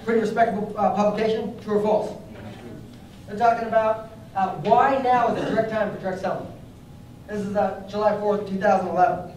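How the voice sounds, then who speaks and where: Man, young adult, very high voice, energetic motivational trainer, asks the audience questions, very echoey room, distant mic. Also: brisk, a little hiss or hum. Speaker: network marketing trainer. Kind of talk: motivational training talk to a live group.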